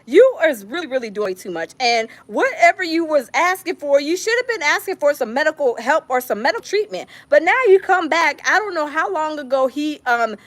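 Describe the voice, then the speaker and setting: High-voiced lady doing a gossip live stream, reads chat, goes off and repeats herself for emphasis. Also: fairly quick, hardly any pauses. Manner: animated, repeats phrases for emphasis. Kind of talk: casual gossip commentary, reading chat.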